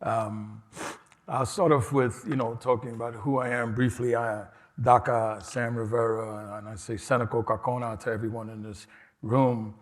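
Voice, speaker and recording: A man's voice: medium pitch, level tone, moderate pace. A man from New York City with a New York accent, giving a casual, personal conference keynote with frequent restarts. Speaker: keynote speaker. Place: large conference hall. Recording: reverberant hall.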